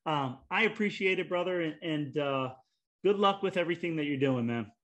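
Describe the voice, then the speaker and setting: Brief: male interview host, slightly higher voice, rambling and halting, casual. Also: a bit bright. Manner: rambling, halting with repeated restarts.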